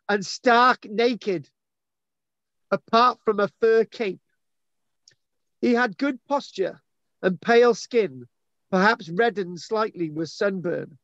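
High-voiced jokey man. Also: no echo. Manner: teasing, rambling, self-mocking. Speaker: host. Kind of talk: jokey live chat and reading aloud. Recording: dull lo-fi sound.

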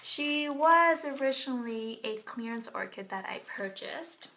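A woman's voice: high voice, lively intonation, unhurried, sharp tone, roomy sound, a little hiss or hum. A young Canadian woman chatting casually to camera from her bathroom, self-mocking and full of fillers. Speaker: plant vlogger. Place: home bathroom.

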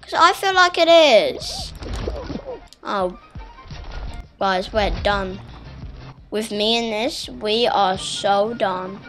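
A woman giving live gameplay commentary, muttering to herself, then bursting into shouts at setbacks. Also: medium pitch, very slow, pauses often, soft background music. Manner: excitable, swings from muttering to shouted outbursts. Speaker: gaming channel host.

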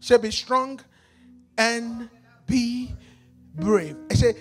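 A male pastor with a Nigerian accent preaching a sermon in a church, moving between hushed passages and shouted, sing-song calls to the congregation. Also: very high voice, expressive, drawn-out words, long pauses, husky, faint music behind.

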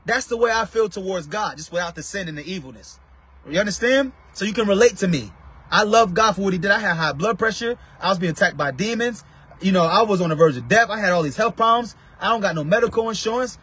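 A man's voice: sits high, lively intonation, quick pace, a bit bright, slightly rough. A man preaching to his online viewers from inside a car, emphatic and calling out to them by name. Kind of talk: casual live-stream preaching.

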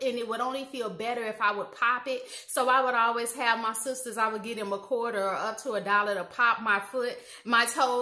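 A woman from Indiana telling personal stories in a casual monologue, animated, acting out quoted dialogue and saying "you know" and "like" often. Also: on the high side. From Indiana, USA. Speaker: YouTube commentator. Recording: roomy echo.

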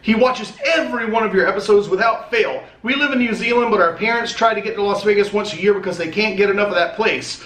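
A man's voice: sits high, quick pace, hardly any pauses, a bit bright. A man opening fan mail on a casual vlog, chatty and rambling, swearing now and then. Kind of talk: casual chat. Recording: echoey room.

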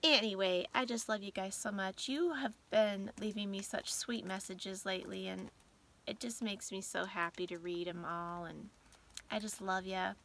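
Middle-aged woman vlogger, tired and emotional, bright tone, slips into whispers, casual late-night chat. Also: mid-range voice, fairly even intonation, normal speed, vocal fry, a little hiss or hum. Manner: emotional, soft-spoken, drifts into whispers. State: teary and tired at bedtime.

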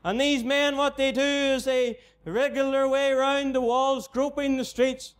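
This Northern Irish preacher delivers a gospel message in a mission tent at a moderate pace. Pitched very high, his voice barely rises or falls, and he returns again and again to the unbeliever with unwavering earnestness.

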